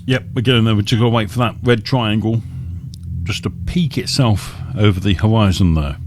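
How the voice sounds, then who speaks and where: A man's voice: on the low side, a little fast. A man casually commentating his gameplay live as a streamer, chatty and muttering asides to himself. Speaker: game streamer. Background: spaceship engine and vehicle noise.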